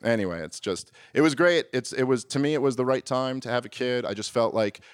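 A man's voice: mid-range voice, fairly quick, clean tone, no room sound, clean studio sound. A man in his thirties doing a stand-up comedy set, rambling and self-deprecating, often restarting his sentences and acting out little exchanges.

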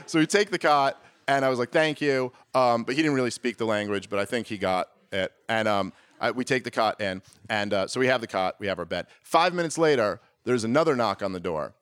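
A man doing stand-up, telling a story in an animated way and pushing his voice high and loud when he acts out his own exasperation. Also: no room sound. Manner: animated, climbs to near-shouting exasperation when acting out arguments. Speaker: stand-up comedian.

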